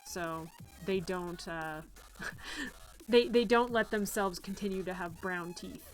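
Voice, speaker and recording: A woman streamer chatting casually on a live stream, playful and giggly, gushing in drawn-out sighs. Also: mid-range voice, soft background music, rough recording.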